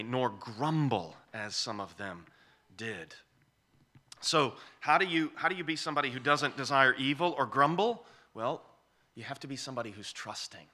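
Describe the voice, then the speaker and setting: Male preacher, bright forceful tone, emphatic, repeats his points, expository sermon. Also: mid-range voice. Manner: emphatic, repeats key phrases for weight.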